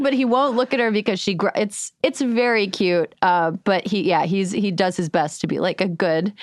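A woman's voice: mid-range voice, moderate pace, few pauses, dry recording, studio quality. A woman hosting a podcast, chatting casually and telling stories with frequent laughter. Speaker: host. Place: studio.

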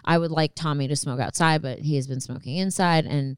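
A woman's voice: low voice, brisk, clear, resonant tone, dry recording, clean studio sound. A woman comedian hosting her podcast, candid and rambling, swearing casually.

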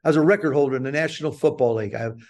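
An older man, a guest on an interview show, telling a self-deprecating story with lively acted-out quotes. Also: medium pitch, very fast.

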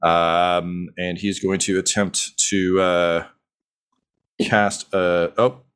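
Young male game master, lowish voice, halting narration full of fillers. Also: level tone, fairly bright tone, smooth. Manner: halting, many ums and uhs.

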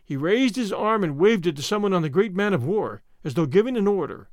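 Male storybook narrator, high voice, animated, dry close sound. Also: brisk, dry recording. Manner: expressive storytelling. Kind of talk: scripted narration.

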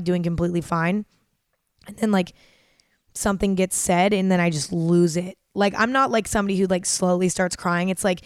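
A woman's voice: medium pitch, smooth, no room sound, studio quality. A young woman hosting a casual solo podcast, talking openly and rambling, swearing freely as she goes. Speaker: podcast host.

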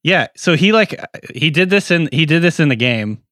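A man's voice: a little high, expressive, normal speed, fairly bright tone, no room sound, clean studio sound. Rambling, jokey man in his forties. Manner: rambling, jokey, trailing off with fillers. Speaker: podcast co-host. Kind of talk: casual chat.

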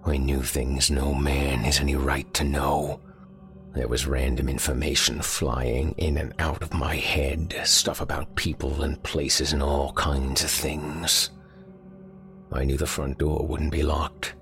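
A man reads as a dying old man recounting a horror with folksy, rural turns of phrase. The voice sits extremely deep, slow and gravelly, with a bright edge. Faint music plays behind him. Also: flat delivery, heavily acted. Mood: grim, haunted. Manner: folksy, rural storytelling grammar; pained, gasping delivery. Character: dying older man, haunted and bitter.

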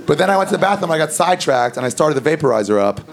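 A man's voice: a little high, big pitch swings, very fast, very noisy. A man doing a stand-up set, telling a crude, loose story. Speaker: stand-up comedian. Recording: live stand-up with loud crowd laughter.

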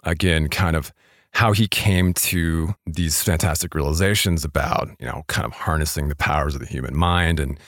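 Low-voiced guy hosting a podcast, rambles and restarts a lot, dry close sound. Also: normal speed, fairly bright tone, no echo. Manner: rambling, self-deprecating, many fillers and restarts. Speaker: podcast host. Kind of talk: casual interview chat. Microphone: studio podcast mic.

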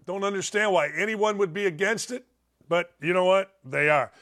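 A man with a notably high-pitched voice, calling in to a talk show. He rants in a heated, sarcastic way and swears freely. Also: moderate pace, fairly bright tone. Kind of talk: angry call-in rant.

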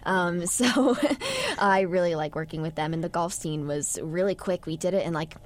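A woman's voice: fairly low pitch, moderate pace. A young actress chatting casually in an interview, giggling often and filling her talk with "like" and "um". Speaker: actress guest.

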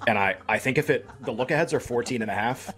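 A man's voice: mid-range voice, fast, a bit bright, faint music behind. A man co-hosting a sports betting podcast, talking in casual, rambling chat, emphatic and self-deprecating.

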